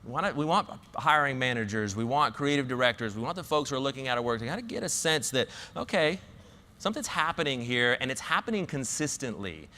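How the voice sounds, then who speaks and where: A man's voice: mid-range voice, sing-song, quick pace, pushed and bright, long reverb tail. A man with a Southern US accent telling a story as a conference speaker, with many fillers and restarts. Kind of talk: conference talk.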